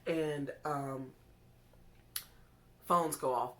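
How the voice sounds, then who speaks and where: Low-voiced woman telling a storytime vlog. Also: moderate pace, a little hiss or hum. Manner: animated storytelling, acting out her own panicked quotes. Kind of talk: casual storytime.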